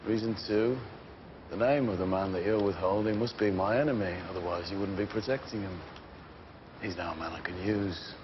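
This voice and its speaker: An actor playing a cold, controlled gang boss who speaks in a measured, clipped, menacing way. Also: male voice, on the low side, lo-fi sound, noisy background, natural voice. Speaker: gang leader. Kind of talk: TV crime drama acting.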